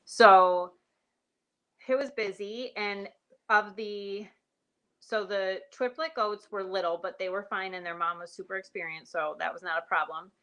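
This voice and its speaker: A sheep and goat farmer hosts a live stream, chatting casually and rambling while greeting viewers by name. Her medium-pitched voice is steady, pushed and bright, a little slow, and the sound is lo-fi.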